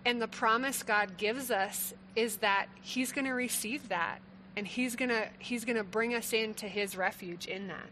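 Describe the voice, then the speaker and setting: A woman's voice: on the high side, moderate pace, pushed and bright, a little hiss or hum, low-quality recording. A woman co-hosting a faith talk, affirming and conversational as she builds on her partner's points.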